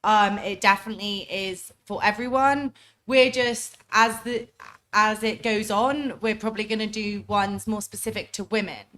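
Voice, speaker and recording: A young woman co-hosting a travel podcast, chatting in a relaxed way with lots of "like". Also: mid-range voice, normal speed. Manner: relaxed, loose with fillers like 'like'. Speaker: podcast co-host. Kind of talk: casual chat.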